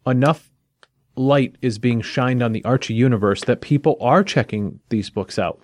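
A man's voice: mid-range voice, moderate pace, a little mellow, no room sound, clean studio sound. A man hosting a podcast, chatting casually with short agreeing replies before steering into the next segment. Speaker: podcast host. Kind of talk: casual chat and show segues.

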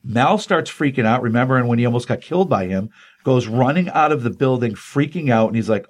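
A man's voice: medium pitch, animated, fairly quick. A man casually retelling a comic book issue on a podcast, rambling with many ums and restarts, acting out the dialogue.

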